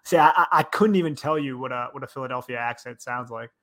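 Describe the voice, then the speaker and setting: A man's voice: mid-range voice, fast talker, fairly bright tone. A man co-hosting a casual sports chat, easygoing, often stammering and restarting. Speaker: co-host.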